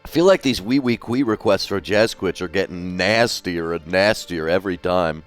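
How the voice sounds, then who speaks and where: Soft music plays behind this low-voiced man as he draws live on stream at a moderate pace. He's chatty, swears without restraint and reads out messages from his viewers.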